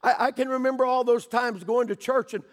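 An older man preaching a sermon in a church, fervent, swinging between shouted pleas and hushed storytelling. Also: very high-pitched, fairly even intonation, a little fast, long reverb tail.

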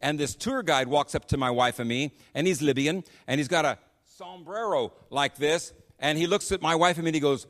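A man's voice: on the high side, a little fast. American man preaching with long church reverb. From United States. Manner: animated storyteller, chatty with frequent restarts. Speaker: missionary preacher. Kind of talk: sermon with storytelling. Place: church sanctuary on a PA system.

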